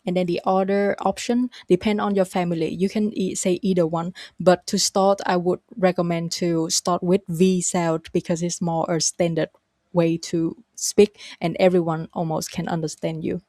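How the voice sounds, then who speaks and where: A woman with a Vietnamese accent teaching her native language, modelling phrases slowly and carefully for learners to repeat. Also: fairly low pitch, little pitch movement, warm tone, dry recording, clean studio sound. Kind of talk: spoken language lesson.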